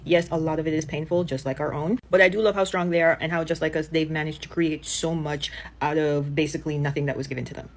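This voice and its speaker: A woman's voice: deep voice, fairly even intonation, fast talker, few pauses, a little hiss or hum. A woman from Jamaica chatting casually and affectionately, with lots of "like" fillers. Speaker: commentator. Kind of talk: casual opinion chat.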